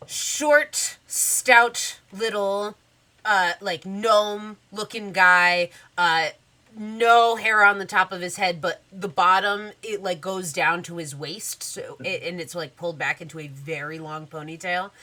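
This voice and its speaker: A woman running a tabletop game, her voice bright and clear. She talks slowly and casually, with lots of fillers, and describes scenes in a relaxed way. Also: medium pitch. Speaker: game master.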